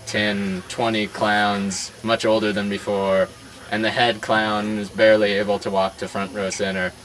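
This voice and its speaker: A man telling a long joke among friends, rambling and halting, with fillers and restarts. His voice sits fairly low, and he takes his time. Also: poor audio. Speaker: joke teller.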